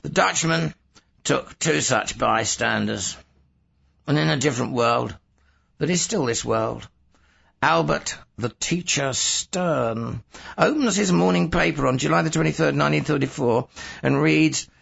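A man narrating an audiobook in a very gravelly, bright voice. He has a husky edge and a sardonic, measured storytelling manner, and the recording sounds dull and lo-fi. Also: fairly high pitch.

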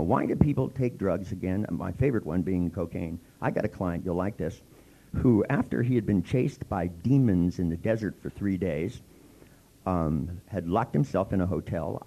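A man's voice: sits low, vocal fry, poor audio. A man giving a seminar, telling comic stories about clients and acting out each voice with wry timing. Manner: wry, animated, acts out every voice. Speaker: seminar speaker and therapist. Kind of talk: comic storytelling lecture.

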